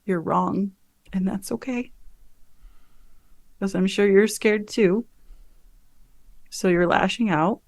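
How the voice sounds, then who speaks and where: A devoted woman trying to reach her frightened partner, as a woman player voices her. She speaks softly and earnestly, unhurried and soothing, in a close, dry recording. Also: mid-range voice, no echo. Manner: soft, soothing, earnest reassurance.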